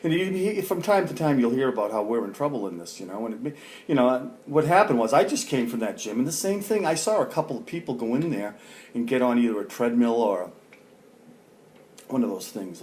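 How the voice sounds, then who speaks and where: A man's voice: mid-range voice, expressive, brisk, darkish tone, slight background noise. A middle-aged man venting in a rambling, profane vlog rant full of fillers. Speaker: vlogger. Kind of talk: ranting vlog monologue.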